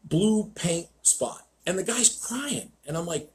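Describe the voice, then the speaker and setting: A man's voice: high voice, lively intonation, takes it slowly. A man hosting a live stream as a dog trainer, telling stories bluntly with swearing and acted-out quotes. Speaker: dog trainer, show host. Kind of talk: casual live-stream chat.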